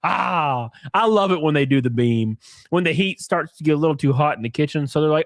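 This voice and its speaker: A man's voice: on the high side, a little fast, no echo, studio quality. A man live-streaming, reading posts aloud and ranting at them in a mocking, profane way while drinking. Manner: mocking, profane, animated rants.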